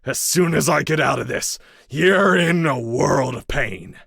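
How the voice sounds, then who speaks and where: A man's voice: medium pitch, sing-song, measured pace, dry recording, studio quality, voice pushed up. A man voicing a crude, foul-mouthed captive who mocks and threatens his interrogator in an audiobook. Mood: snarling. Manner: flippant and foul-mouthed, turning to snarling threats. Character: crude, mocking grown man tied to a chair. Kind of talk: audiobook character voice.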